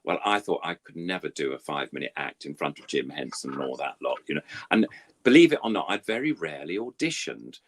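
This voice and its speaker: A man's voice: rumbling low, big pitch swings, brisk. An older man, a puppeteer, rambling through anecdotes in an interview with many fillers and self-deprecating asides. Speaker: puppeteer guest.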